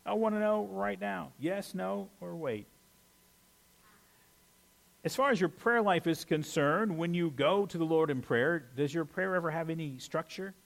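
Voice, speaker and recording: Animated man preaching a conversational sermon. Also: fairly high pitch, a little slow, creaky. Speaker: pastor.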